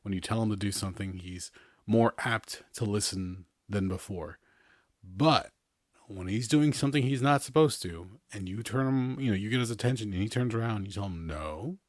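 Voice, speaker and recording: A man's voice: on the low side, normal speed, no room sound, clean studio sound. A man hosting a podcast in a casual, rambling chat, often chuckling between his remarks. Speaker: podcast host.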